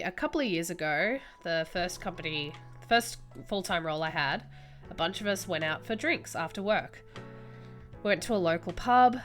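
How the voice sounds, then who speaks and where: A young woman telling a story while drawing, in an animated, swearing, casual way. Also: on the low side. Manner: animated, swears freely, acts out reactions. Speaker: streamer.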